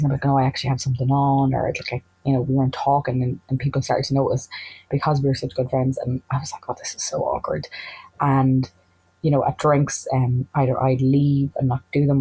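Irish woman spinning a yarn, really gravelly and breathy, does the voices of everyone in it. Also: extremely low pitch, poor audio. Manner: chatty, animated, acts out quoted dialogue. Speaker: storyteller. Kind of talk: casual personal anecdote.

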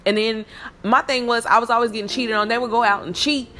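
A woman's voice: on the high side, fairly even intonation, fairly quick, fairly bright tone, slight background noise. Blunt, profane woman venting heatedly. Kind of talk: casual venting monologue.

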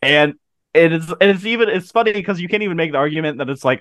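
A man's voice: a little high, expressive, fast, fairly bright tone, dry recording. A man in his thirties chatting casually about a film, laughing often and swearing freely. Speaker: podcast co-host.

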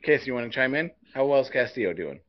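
A man's voice: medium pitch, lively intonation, fast. A man co-hosting a sports podcast, delivering a heated, profane rant. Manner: profane, fired-up ranting. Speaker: podcast co-host. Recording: dull lo-fi podcast audio.

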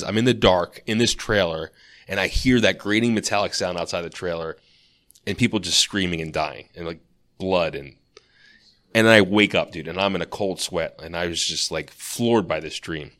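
A man's voice: deep voice, fairly quick, a bit bright. A man co-hosting a podcast, casually telling a long dream story, full of "like" and restarts. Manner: rambling storyteller, lots of "like". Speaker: podcast co-host.

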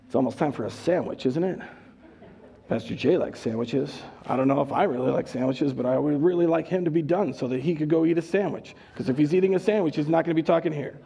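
A man voicing the inner thoughts of a bored churchgoer, muttering low and impatient. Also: quick pace, gravelly, mellow. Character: bored male churchgoer wanting the sermon over.

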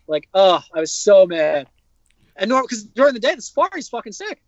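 A young man hosting a casual chat, telling stories in an animated way and swearing freely. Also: high voice, brisk, dry recording. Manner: profane, animated storytelling. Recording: dull, dry lo-fi recording.

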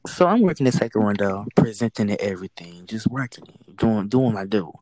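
Animated, cursing storyteller woman. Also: a bass voice, fairly quick, no echo, rough recording. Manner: animated storytelling that acts out quoted exchanges, swears freely. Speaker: fast-food drive-thru worker. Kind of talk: casual chat, storytelling.

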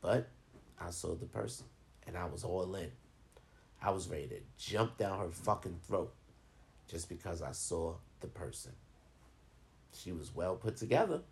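Male vlogger, low gravelly voice, profane and animated storytelling. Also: unhurried, pauses often. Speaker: vlogger giving advice. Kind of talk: casual storytelling monologue.

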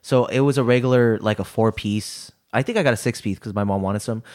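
A man's voice: on the low side, a little fast, a little mellow. A young man co-hosting a podcast, chatting casually, rambling with restarts and swearing freely. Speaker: podcast co-host. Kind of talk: casual chat.

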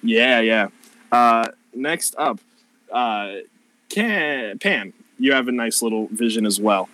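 A man's voice: mid-range voice, lively intonation, slow, sharp tone, no echo, poor audio. A man narrating a tabletop game as game master, casual and profane, rambling with plenty of fillers.

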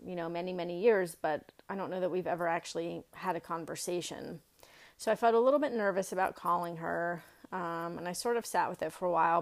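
Middle-aged woman, low gravelly voice, earnest personal storyteller, halting and reflective. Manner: earnest, reflective, many fillers and restarts.

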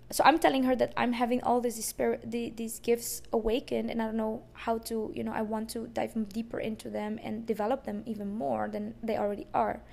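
A woman's voice: a little high, vocal fry, darkish tone. A woman podcast host telling a personal story in an emotional, rambling way, with many fillers and restarts.

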